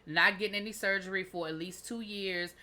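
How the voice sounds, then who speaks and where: A woman's voice: medium pitch, steady tone, brisk, pushed and bright. A woman recapping a TV episode in a chatty, sassy way, full of asides. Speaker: TV show reviewer.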